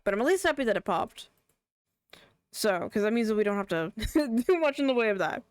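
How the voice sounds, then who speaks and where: A woman's voice: a little high, lively intonation, brisk, smooth, dry recording. A young woman streaming a game, chatting casually as she plays, rambling and laughing often. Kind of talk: casual live gameplay commentary.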